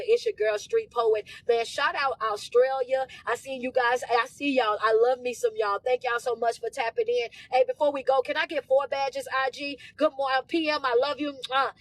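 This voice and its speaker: A woman life coach on a livestream, talking casually and energetically as she thanks viewers by name. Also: fairly high pitch. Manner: energetic, warm shout-outs in casual slang. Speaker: motivational speaker and life coach.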